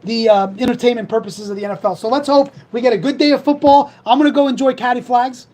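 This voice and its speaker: A young man from hosting a sports talk show, rambling fast and reading sponsor plugs in a fired-up, casual way. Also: extremely high pitch, steady tone, warm tone, poor audio.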